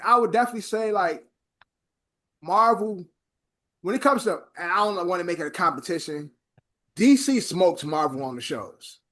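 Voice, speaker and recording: A man's voice: high-pitched, lively intonation, moderate pace, long pauses, fairly bright tone. A man hosting a podcast in casual chat, loose and profane, often repeating his words. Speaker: podcast host.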